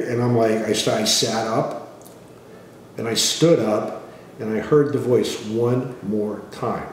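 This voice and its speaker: A middle-aged man casually telling a personal testimony in a plain, relaxed way, often clearing his throat and restarting. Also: lowish voice, a little slow. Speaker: father sharing a personal testimony. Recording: echoey room, voice from some distance, faint noise.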